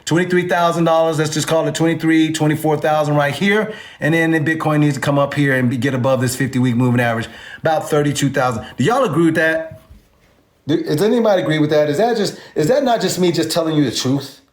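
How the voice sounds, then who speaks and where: A man's voice: on the high side, fast. Emphatic man teaching crypto charts. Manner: emphatic, repeats numbers, asks the audience to agree. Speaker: crypto trading instructor. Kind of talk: informal chart walkthrough lesson.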